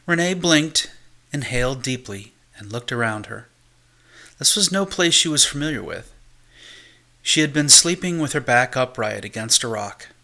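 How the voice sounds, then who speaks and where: A man reading a science-fiction audiobook as an amateur narrator, in a steady, measured way. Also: mid-range voice, creaky.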